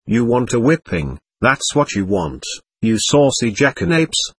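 A man voicing a loud, scolding middle-aged market woman. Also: medium pitch, sing-song, measured pace, creaky, breathy edge, dry recording, heavily acted.

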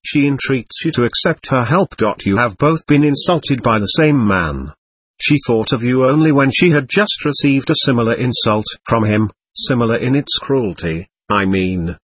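A man voicing an earnest, gentle young man who pleads kindly and insistently. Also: mid-range voice, animated, normal speed, husky, no echo. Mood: pleading.

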